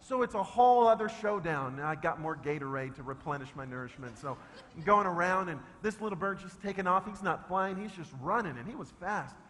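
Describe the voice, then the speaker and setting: High-voiced animated pastor in a reverberant church. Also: male voice, a little fast. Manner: animated, swings from loud shouting to hushed low talk. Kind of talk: comic storytelling sermon. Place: church sanctuary. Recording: long reverb of a church hall.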